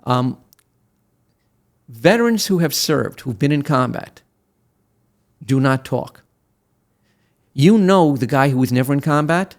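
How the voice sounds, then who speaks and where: A man in his sixties from Brooklyn, a veteran attorney talking as an interview guest. He tells his stories in an animated way, with plenty of fillers and restarts. His voice sits at a middle pitch. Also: slow pace, pauses often. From Brooklyn, USA. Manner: animated storyteller with many fillers and restarts who acts out quotes. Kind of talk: interview storytelling.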